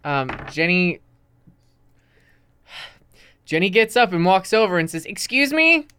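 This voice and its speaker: A woman's voice: on the low side, measured pace, a bit bright, slight background noise. A woman playing in a tabletop game, speaking politely and eagerly for her character. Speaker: player. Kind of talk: tabletop role-play banter.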